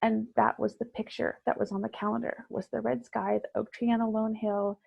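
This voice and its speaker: A woman guest sharing a personal story in conversation, reflective and halting, with many fillers. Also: a little high, level tone, creaky, breathy edge, lo-fi sound.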